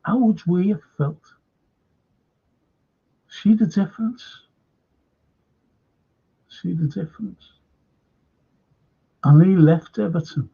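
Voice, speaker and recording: A man hosts a live fan show, talking slowly with a gravelly, husky voice set a little high. He answers viewers by name and keeps repeating his points with emphasis and the odd swear word. The sound is dull and lo-fi. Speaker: fan channel host.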